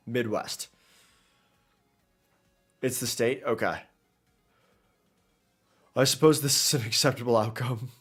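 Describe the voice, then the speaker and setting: Man, gaming streamer, casual commentary, rambling, joking, self-interrupting, mid pitch. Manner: rambling, jokey, trips over his words. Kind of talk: casual let's-play commentary.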